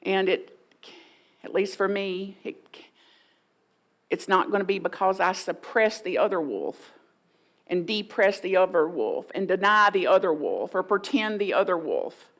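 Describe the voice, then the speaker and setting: A woman's voice: mid-range voice, lively intonation, unhurried, fairly bright tone, low-quality recording. A woman pastor giving a folksy, playful sermon in a church, often mimicking voices for humor. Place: church sanctuary.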